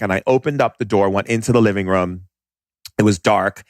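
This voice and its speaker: A man speaking as a podcast guest, telling stories bluntly and animatedly, in quick bursts with restarts. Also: on the low side, dry recording, clean studio sound. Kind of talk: casual storytelling.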